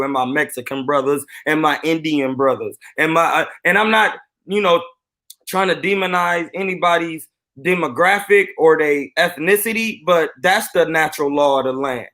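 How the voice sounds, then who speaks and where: A boxing coach telling a story on a live stream in an animated, boastful way. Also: male voice, a little high.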